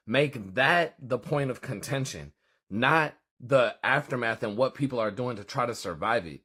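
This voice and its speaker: Husky, mid-pitched man, insistent commentator. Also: lively intonation, moderate pace, a bit bright. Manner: earnest, preachy, insistent. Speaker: social commentator. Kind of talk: earnest spoken commentary.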